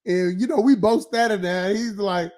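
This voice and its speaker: A man's voice: high-pitched, normal speed, darkish tone. A man hosting an open-topic live stream, ranting casually and profanely with frequent laughs and filler phrases. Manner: profane, rambling, laughs often, filler-heavy.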